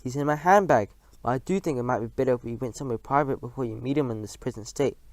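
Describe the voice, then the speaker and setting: A man reading a storybook aloud, voicing a calm, determined old grandmother who speaks firmly and properly. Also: medium pitch, fast, no echo, close to an everyday voice.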